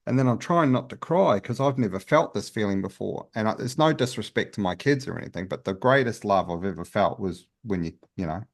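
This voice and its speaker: A man's voice: fairly low pitch, lively intonation, brisk, gravelly, few pauses. A man, a guest healer, telling his story in a casual interview in an earnest, open way with many restarts.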